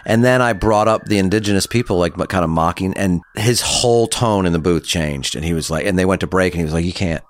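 A man's voice: low voice, fast talker, hardly any pauses. An American man from the South, a touring comedian, telling stories in casual chat.

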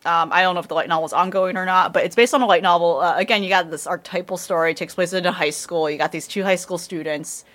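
A woman's voice: on the low side, fast talker, hardly any pauses, a bit bright. A woman in casual anime review chat, rambling, swearing, and laughing often.

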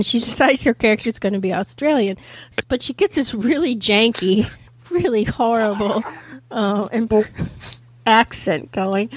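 A woman's voice: on the high side, no echo. A woman chatting as a podcast guest, laughing often as she retells a favorite episode. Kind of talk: casual chat.

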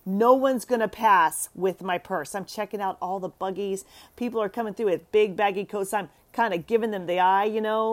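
Chatting to the camera on a show for moms, a woman with a mid-range voice tells a story expressively and laughs often.

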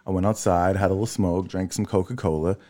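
A man in his thirties telling a family story in casual chat, tired, swearing freely and leaping up in pitch when he quotes people. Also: fast talker. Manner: animated storyteller, swears freely, jumps high when quoting. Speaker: podcast co-host.

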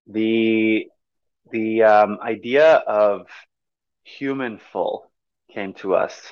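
A man's voice: fairly low pitch, extremely slow, clean tone, no room sound, dull audio. A man talking as a movement coach in an interview, explaining eagerly with many fillers and restarts. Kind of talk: conversational interview.

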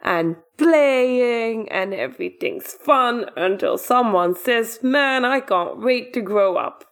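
Wry higher-voiced woman co-host. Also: expressive, slow. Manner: wry, blunt quips. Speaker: podcast co-host. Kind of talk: casual chat recapping a cartoon episode.

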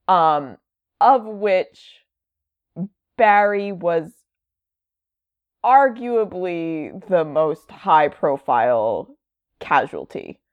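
A woman's voice: lowish voice, dry recording, lo-fi sound. A woman chatting casually, rambling with lots of fillers and wry asides. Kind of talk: casual chat.

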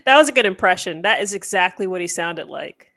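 A woman's voice: fairly low pitch, lively intonation, brisk, a bit bright. A woman co-hosting a podcast in casual chat, laughing easily between dry asides. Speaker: podcast co-host.

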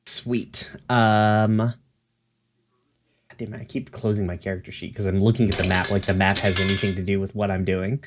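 A man's voice: on the low side, flat delivery, normal speed, noisy background. A man playing a tabletop game, thinking aloud and hesitating with many fillers as he lays out his moves. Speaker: player.

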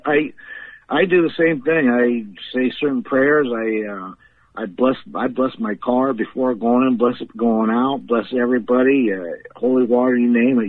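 A man's voice: mid-range voice, no room sound. Man telling ghost stories down a tinny phone line. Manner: rambling storyteller, laughs often. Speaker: guest paranormal investigator. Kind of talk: casual storytelling on a podcast.

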